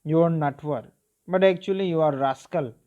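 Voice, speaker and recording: A man's voice: a little high, phone-quality sound. A male English teacher reading a story aloud and explaining it line by line, checking in with the class. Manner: explains slowly, checks in with "okay" and "clear".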